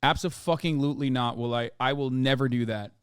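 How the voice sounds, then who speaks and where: A man hosting a live-stream reaction, talking in an animated, profane, ranting way. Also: mid-range voice, a little fast, clear, resonant tone, no room sound, clean studio sound. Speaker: streamer host.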